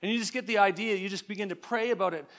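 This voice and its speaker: Middle-aged guy from alberta preaching, fervent, high-pitched, keeps restarting his sentences. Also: very fast, fairly bright tone. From Alberta, Canada. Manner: earnest, fervent, frequent restarts and repeated words. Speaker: guest preacher. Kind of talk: sermon.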